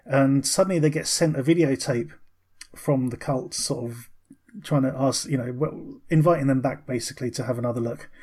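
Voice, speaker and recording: A man's voice: medium pitch, moderate pace, a little mellow, slightly rough. A man co-hosting a casual film review podcast, talking with many ums and restarts. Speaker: podcast co-host.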